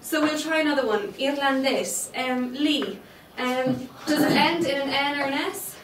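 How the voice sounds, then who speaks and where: Woman teacher, high voice, patient, keeps saying okay, echoey room with the mic far off. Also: unhurried, background noise. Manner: patient, checks understanding with frequent okay. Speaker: Spanish teacher. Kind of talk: classroom lesson. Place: classroom. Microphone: distant room microphone.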